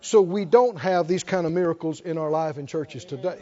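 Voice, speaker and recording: A man's voice: on the high side, normal speed, few pauses, mellow, long reverb tail, lo-fi sound. A man preaching a sermon, often asking the congregation to respond. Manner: rhetorical, asks the congregation to respond.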